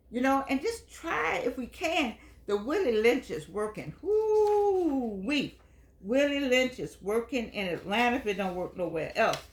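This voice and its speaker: A woman's voice: on the high side, reverberant. An older woman hosting a senior-life show, talking in an earnest, chatty way with preacher-like emphasis and reading from a book. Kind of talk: casual motivational talk with book reading.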